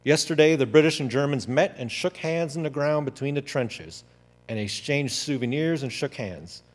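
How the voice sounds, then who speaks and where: A cheerful young soldier bubbles through his letter home in a teasing, excited way, as a man puts him on. The voice sits well above the speaker's own pitch. A long hall reverb trails every word. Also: moderate pace, close to an everyday voice.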